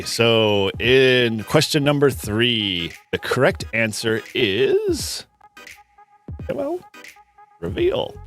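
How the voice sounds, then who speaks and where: A man's voice: mid-range voice, a bit bright. A man from Massachusetts with a Boston-area accent, hosting a casual live quiz chat and laughing often. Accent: Boston-area American. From Massachusetts, USA. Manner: laughs often, chatty with restarts. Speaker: host.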